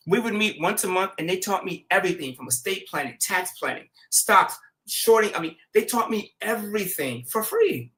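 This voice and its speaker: A man hosting a show, telling stories in a casual, slangy way and acting out quotes. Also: sits high. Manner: animated, slangy, acts out quotes with laughs. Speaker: show host. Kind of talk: casual storytelling chat.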